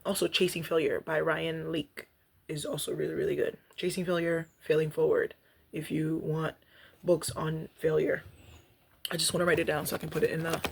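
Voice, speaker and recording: Chatty husky young woman vlogger. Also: on the low side. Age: young adult. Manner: chatty, animated, laughs often, reads aloud. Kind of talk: casual reflective vlog.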